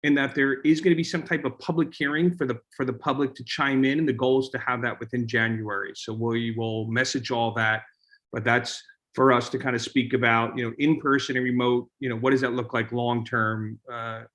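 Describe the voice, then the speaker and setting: A man chairing a community board meeting, talking informally with many halting restarts. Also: mid-range voice, level tone, fairly bright tone.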